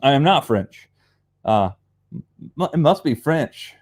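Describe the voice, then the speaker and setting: Brief A young Appalachian-accented man hosting a livestream. He talks in a loose, rambling, chatty way and calls out to viewers by name. His voice sits at an ordinary middle pitch. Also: very animated, slow pace, darkish tone, breathy edge. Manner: rambling and chatty, reads viewer comments aloud. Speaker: livestream host. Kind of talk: casual live chat.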